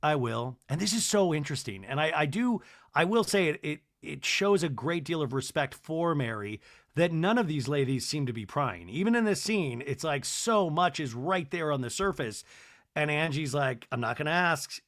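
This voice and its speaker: Podcast guy rambling through a tv recap, kinda high voice, restarts a lot. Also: animated, normal speed, fairly bright tone, no echo, clean studio sound. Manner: chatty, gushing, trails off and restarts. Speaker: podcast host. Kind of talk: casual episode recap.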